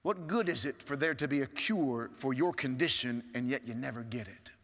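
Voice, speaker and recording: A male pastor preaching a sermon, swinging from strong rising appeals to hushed, low asides. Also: moderate pace. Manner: preaching with sweeping rises and hushed drops. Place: large church sanctuary. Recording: church hall reverb.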